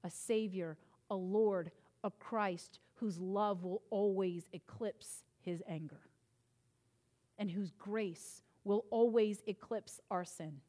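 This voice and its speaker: A woman pastor delivering a sermon in church, earnest and emphatic, rising in intensity and then easing into softer, reassuring passages. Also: medium pitch, takes it slowly.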